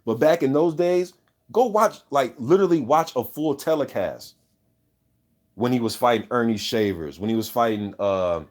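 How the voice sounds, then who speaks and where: A man's voice: mid-range voice, lively intonation, normal speed, a little mellow. A man hosting a casual boxing talk show, reading viewer comments and giving loose, opinionated takes full of swearing and "you know what I'm saying". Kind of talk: casual unscripted chat.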